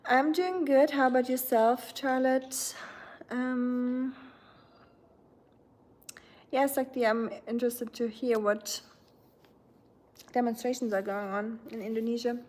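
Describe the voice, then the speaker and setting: Woman in her thirties, livestream host, casual rambling chat, mellow higher voice. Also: steady tone, slow pace, long pauses. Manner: chatty, rambling, with frequent fillers. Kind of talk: casual chat reading viewer comments.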